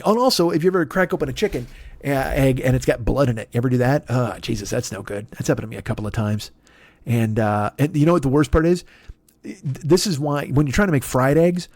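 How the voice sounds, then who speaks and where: A man in his forties hosting a solo comedy podcast, ranting in a profane, animated monologue and laughing at his own jokes. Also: medium pitch, no echo. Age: 40s. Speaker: podcast host.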